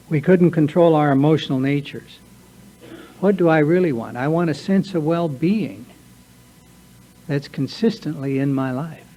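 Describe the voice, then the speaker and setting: Man, earnest and confessional, mellow voice, recovery workshop talk. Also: medium pitch, a little hiss or hum, poor audio. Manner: earnest, confessional, acts out his own inner voice. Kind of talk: personal talk to a recovery group. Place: meeting room.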